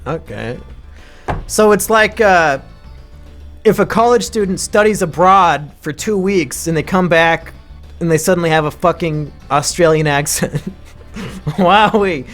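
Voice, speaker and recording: A man live-streaming with crude, sarcastic commentary, now and then breaking into shouting rants. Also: on the high side, a little slow, faint music behind. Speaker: streamer ranking mental illnesses.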